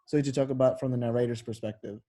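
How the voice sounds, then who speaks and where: A man's voice: mid-range voice, fairly even intonation, fast, noisy background. A male tutor explaining things casually, full of "like" and "um" and correcting himself as he goes. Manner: loose, filler-heavy explaining with frequent self-corrections.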